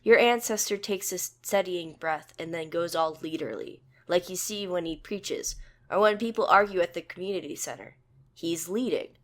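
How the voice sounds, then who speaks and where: A woman reading a second-person fanfic as narrator in a plain, even storytelling manner. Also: fairly low pitch, moderate pace.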